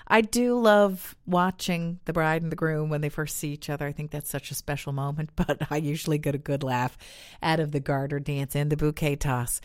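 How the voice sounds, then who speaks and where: A woman radio host chats with her listeners in a loose, upbeat way, with easy fillers. Her voice sits low and sounds dry and close to the mic. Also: steady tone, moderate pace, no room sound. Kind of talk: casual radio chat.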